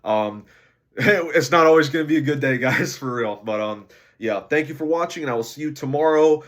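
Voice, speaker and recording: A sleep-deprived man talking casually in a diary-style weight-loss vlog, low on energy and rambling with lots of fillers. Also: moderate pace, a bit bright.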